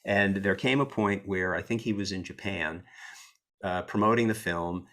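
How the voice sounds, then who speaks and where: Guest: American man, low voice, animated and a little snarky, casual interview storyteller. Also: normal speed. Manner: animated, self-deprecating storyteller with a snarky edge. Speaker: entertainment attorney guest.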